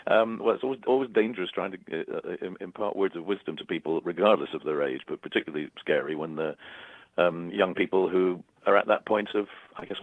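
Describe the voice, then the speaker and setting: A very low-voiced man thinks aloud, stopping and restarting his phrases as he answers an interview. The sound is thin and phone-like, close and with no room around it. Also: dry recording. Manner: halting, repeats words while searching for phrasing. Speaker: interviewed musician. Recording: dry, tinny phone-like archival clip.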